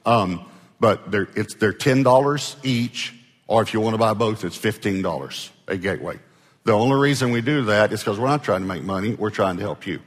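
A man's voice: fairly low pitch, animated, fairly quick, breathy edge. A male pastor preaching a sermon in a conversational way, prompting the congregation to answer him. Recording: long hall reverb.

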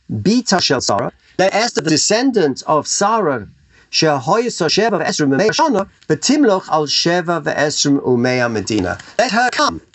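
A man's voice: on the high side, fairly bright tone. A man giving a Torah lecture over a video call, asking rhetorical questions and weaving in Hebrew terms. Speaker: Torah teacher.

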